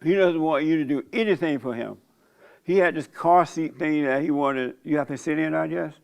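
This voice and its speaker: A man's voice: on the high side, normal speed, gravelly. An older man, a pastor and host, giving a casual church talk and telling stories with a joking manner and frequent laughs. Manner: joking storyteller, laughs often.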